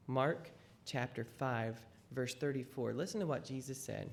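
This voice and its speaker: A children's lesson teacher tells a Bible story with dramatic emphasis. The voice sits at a middle pitch and rises and falls widely. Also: unhurried, few pauses, a little hiss or hum.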